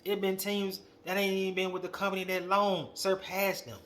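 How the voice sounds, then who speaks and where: A young man hosting a wrestling podcast, ranting in a casual, slangy, animated way and calling people out directly. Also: high voice, moderate pace, slight background noise. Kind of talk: casual opinion monologue.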